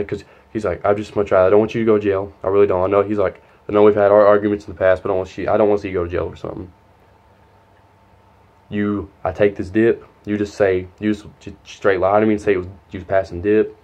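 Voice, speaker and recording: A man's voice: fairly low pitch, a little mellow, muffled recording. A young man telling a heated, profane story in a casual storytime. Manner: profane, rambling, heated retelling.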